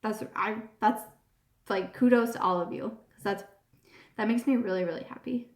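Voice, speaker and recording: Hosting a casual live-stream chat, a woman talks at a moderate pace in a mid-range voice. She's gushing and earnest and often repeats herself, and the recording has a roomy echo.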